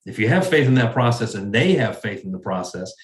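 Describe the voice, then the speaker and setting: Earnest low-voiced male guest, echoey. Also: expressive, brisk. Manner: earnest, repeats words while thinking. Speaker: guest, sales manager. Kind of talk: interview conversation.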